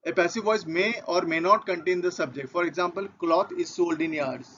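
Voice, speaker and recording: High-voiced Indian English grammar teacher. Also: male voice, normal speed, fairly bright tone, slight background noise. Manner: methodical, repeats key points. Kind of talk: grammar lesson. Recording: dull lo-fi audio.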